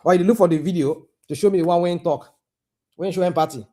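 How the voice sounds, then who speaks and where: Impassioned Nigerian man, dark voice. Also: high voice, fast talker, slight background noise. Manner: impassioned, repetitive, asks pointed questions. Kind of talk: heated political commentary.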